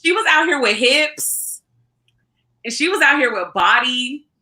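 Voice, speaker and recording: An excitable woman chats on a livestream and reacts to viewer comments. Her voice sits high and sounds bright and sharp. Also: measured pace. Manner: excitable, reads chat comments aloud. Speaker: book club co-host. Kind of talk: casual livestream chat.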